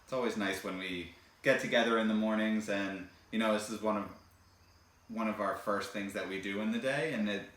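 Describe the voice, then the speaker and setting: A man co-hosting a casual podcast, chatting in a relaxed way with plenty of fillers. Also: on the low side, a little fast. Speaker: podcast co-host. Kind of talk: casual chat. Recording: echoey room, faint noise.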